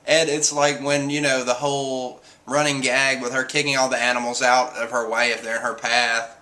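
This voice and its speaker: A man's voice: medium pitch, level tone, normal speed, sharp tone. A man reviewing a comic chapter in a casual, chatty, amused retelling. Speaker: manga reviewer.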